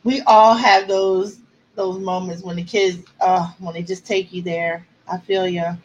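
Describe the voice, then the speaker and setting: A woman's voice: fairly low pitch, steady tone, unhurried, dull audio, a little hiss or hum. A woman author chatting with her viewers on a livestream, answering comments and close to tears at times. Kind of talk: casual livestream chat.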